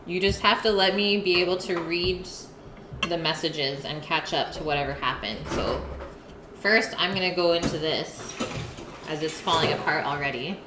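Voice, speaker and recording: A woman talks casually to her stream chat while she eats, pausing between bites to read messages. Her voice sits a little low for a woman. The sound is roomy, with clear background noise in a home kitchen. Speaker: live-stream cooking host.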